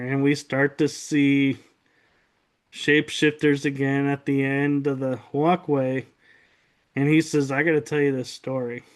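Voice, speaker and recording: Slow-talking man telling an eerie story. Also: fairly high pitch. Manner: earnest, animated retelling with quoted dialogue. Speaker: guest recounting a paranormal experience. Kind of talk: casual storytelling.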